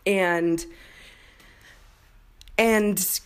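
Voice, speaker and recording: A young woman hosting a podcast, telling a personal story in a candid, profane, animated way. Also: on the low side, takes it slowly, pauses often. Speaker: podcast host. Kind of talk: casual storytelling monologue.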